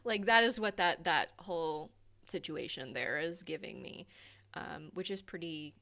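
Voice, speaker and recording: A woman's voice: low-pitched, a little slow, vocal fry, sharp tone. A young adult woman hosting a casual live stream, chatty, laughing often and swearing freely.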